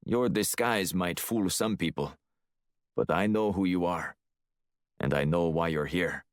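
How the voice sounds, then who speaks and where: A hulking, menacing Russian heavy with a clipped Russian accent, a man doing the voice in an audiobook, taunting and cool, dark low tone, dry close sound. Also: measured pace, no echo. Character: Russian male arms dealer, hulking, menacing.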